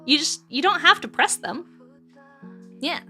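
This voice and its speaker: A woman streamer chats casually with her viewers from home. Her voice is high and bright, and she giggles and swears freely. Faint music plays behind her. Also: lively intonation, a little slow. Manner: chatty, giggly and casually profane. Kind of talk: casual chat with live chat.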